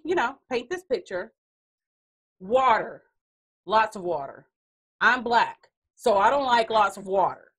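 A woman hosting a casual chat podcast, telling a story in an animated way with frequent laughs. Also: fairly high pitch, breathy edge, poor audio. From Texas. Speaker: podcast host.

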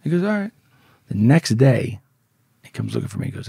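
In an interview, a man tells his story casually, swearing heavily and animatedly acting out the voices of the people involved. His voice is fairly low, gravelly and husky, moving at a quick pace with frequent pauses. The studio recording is clean, with no echo.

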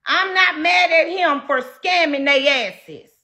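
A woman livestreamer ranting at her live chat, brash, loud, profane and combative. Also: high voice, takes it slowly.

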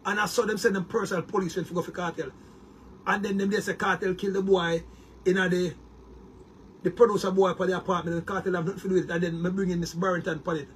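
A man's voice: sits high, flat delivery, fast, a little hiss or hum. A Jamaican man delivering a heated, boastful monologue to his viewers, repeating words and restarting often. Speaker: online commentator.

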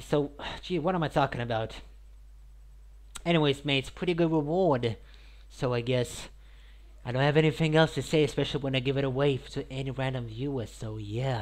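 A man giving casual, rambling gameplay commentary, full of "like" and "mate" and bursting into loud high shouts. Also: steady tone, normal speed. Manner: says "like", "mate" and "I guess" often. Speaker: gaming YouTuber.

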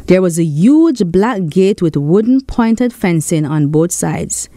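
A woman with a St. reading a children's story aloud in an expressive storytelling voice. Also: lowish voice, slow, dry recording. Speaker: storyteller and author. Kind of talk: storybook narration.

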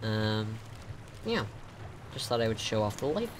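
A young man giving casual game commentary as he reviews players' builds, excitable and gasping, with lots of ums and likes. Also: on the low side, unhurried, background noise.

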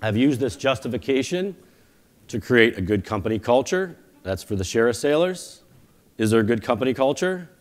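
A man's voice: medium pitch, expressive, normal speed. A man giving a conference keynote, telling stories in a conversational way with self-deprecating jokes. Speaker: company founder giving a keynote. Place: conference stage before a live audience.

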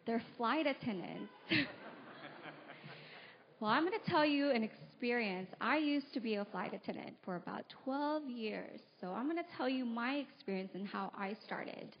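A woman with a slightly high voice tells the children a personal story during a church service. She keeps it lively, asks them questions and slips into the voices of her parents. The sound is dull and lo-fi, like a live stream. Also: slight background noise.

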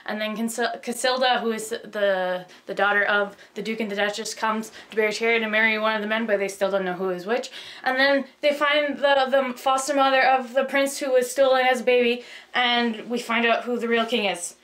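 A young woman rushing through a casual plot summary, rambling with lots of fillers and self-corrections, bubbly and flustered. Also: a little high, steady tone, a bit bright. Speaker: video host.

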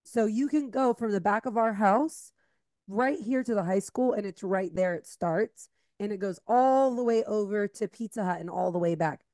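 A woman co-hosting a casual podcast chat, telling lively stories and acting out what people said. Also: medium pitch, moderate pace, no room sound. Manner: lively storyteller, acts out quotes. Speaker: podcast co-host.

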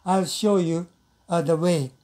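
A woman whose first language is Japanese gives a patient pronunciation lesson at an unhurried pace. Her voice is soft and mellow, and she breaks up her explanations with fillers. She hums drawn-out nasal sounds and repeats example words slowly so learners can copy them. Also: lowish voice. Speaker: English pronunciation teacher. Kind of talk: slow pronunciation lesson with demonstrations.

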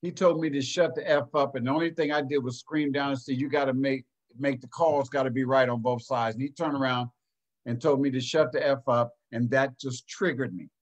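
A man coaching basketball in Ohio talks in a casual, conversational way. He is earnest and folksy, and he slips into the voices of the people in his story. His voice sits in a middle pitch for a man. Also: fairly even intonation, brisk. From United States. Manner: folksy, earnest, acts out quoted lines. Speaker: basketball program director and coach. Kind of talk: casual storytelling in a panel talk.

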